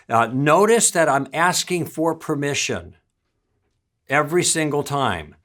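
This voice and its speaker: A man teaching a practical lesson in a calm, friendly way, often acting out sample lines. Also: a little high, unhurried. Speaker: instructor. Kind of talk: instructional talk.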